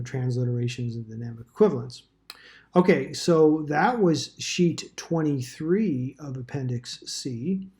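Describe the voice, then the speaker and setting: Guy teaching bible study, kinda rambly, dry jokes, mellow voice. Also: medium pitch. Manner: conversational, rambling, with dry asides. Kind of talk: casual teaching talk.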